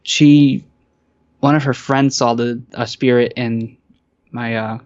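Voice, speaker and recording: A man's voice: mid-range voice, steady tone, slow, a little mellow, dry recording, highs cut off. A man talking casually as a guest about his experiences, hesitant, with many fillers and restarts. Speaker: guest caller. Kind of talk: casual interview chat.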